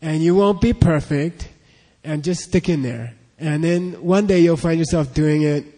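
Speaking at a measured pace in a warm, slightly high voice, a male language teacher patiently repeats syllables for his class to echo during a pronunciation drill. The recording carries long hall reverb.

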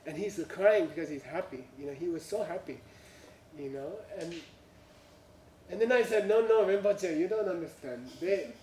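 A man's voice: on the high side, expressive, moderate pace, a little mellow, slight background noise. Man telling a story from across a room. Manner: chuckles through punchlines, with frequent "you know" and "uh"; non-native English phrasing. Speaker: speaker telling a story to an audience. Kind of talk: anecdotal storytelling talk. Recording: roomy, from a distance.

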